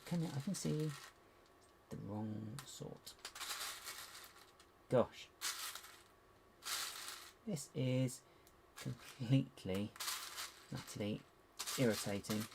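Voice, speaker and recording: A man chatting casually on a live stream while he builds, muttering to himself as he hunts for parts and poking fun at himself. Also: mid-range voice. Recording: steady background hiss with clicks.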